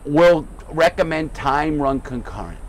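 Profane, animated male storyteller. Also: fairly high pitch, measured pace, a little hiss or hum. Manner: profane, animated storyteller acting out courtroom voices. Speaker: podcast host. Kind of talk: casual storytelling chat.

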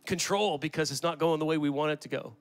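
Middle-aged male pastor, slightly high voice, conversational and animated sermon delivery. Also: fast talker. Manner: animated, conversational preaching with rhetorical questions and acted-out quotes.

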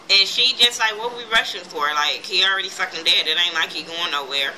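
Casting: woman reviewer, blunt and profane, bright forceful voice, a little low, faint noise behind. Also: normal speed, hardly any pauses, poor audio. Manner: blunt, profane, animated retelling with quoted voices. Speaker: TV episode reviewer. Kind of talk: casual recap vlog.

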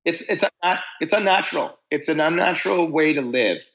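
A gravelly-voiced man in his forties tells a tour story in a loose, rambling way. He restarts sentences and stretches words for emphasis. The audio sounds a little dull and lo-fi. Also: fairly high pitch, expressive, fairly quick, a bit bright. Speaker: podcast guest, musician. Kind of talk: casual chat, storytelling.

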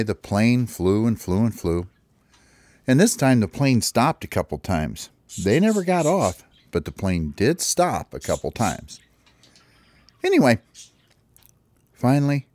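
Dad improvising a children's tale, rambling delivery, lively low voice, close dry sound. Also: male voice, no room sound. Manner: rambling, restarts with "well, anyway". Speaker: father telling a story.

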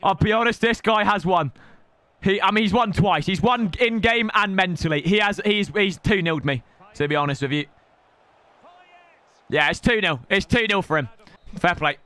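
A man's voice: high voice, moderate pace, pauses often, pushed and bright, no room sound. A man, commentating his own game on a live stream in an exasperated, ranting way.

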